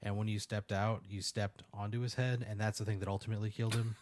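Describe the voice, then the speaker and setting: Guy spinning a goofy hypothetical, deadpan, lots of "like", lowish voice. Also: fast talker, dry recording. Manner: rambling, deadpan, lots of fillers and "like". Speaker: podcast host. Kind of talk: casual comedic storytelling.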